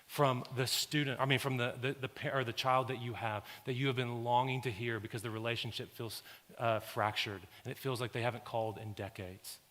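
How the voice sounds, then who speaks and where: A male pastor delivers a sermon in a church sanctuary. His voice sits in a mid register and swells from steady teaching to loud, intense preaching. A long reverb hangs on every phrase. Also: mid-range voice, brisk.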